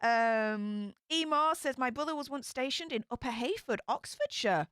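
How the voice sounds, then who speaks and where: A woman's voice: sits high, normal speed, clean tone, dry recording, clean studio sound. A young woman with a Yorkshire accent hosting a casual livestream, chatty and upbeat as she greets viewers and reads their comments. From Yorkshire, England. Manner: upbeat, chatty, bursts of excitement. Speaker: livestream host.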